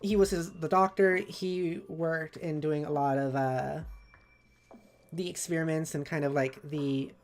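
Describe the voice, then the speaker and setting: Low-voiced woman streamer, rambling. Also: fairly even intonation, measured pace, a little mellow. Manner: rambling, jumps between thoughts. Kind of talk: casual live-stream chat.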